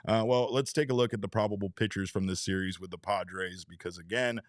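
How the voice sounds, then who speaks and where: A man's voice: deep voice, fairly even intonation, brisk, no room sound, clean studio sound. A man hosting a sports podcast in a casual chat style, talking freely, reading out viewer comments and swearing lightly. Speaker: podcast host.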